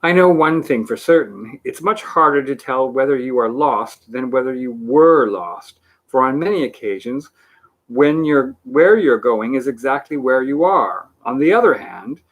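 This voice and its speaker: A man voicing a cheerful, muddled ordinary man who talks in a bright, sing-song way. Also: mid-range voice, lively intonation, unhurried. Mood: rambling.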